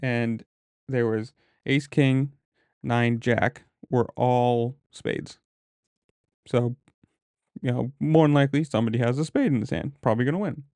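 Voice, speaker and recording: Rambling man with a mellow voice. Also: mid-range voice, fairly even intonation, a little slow, pauses often, no echo, clean studio sound. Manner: rambling, conversational, with frequent filler words; mutters poker decisions to himself under his breath. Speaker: poker player telling a story. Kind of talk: casual storytelling vlog.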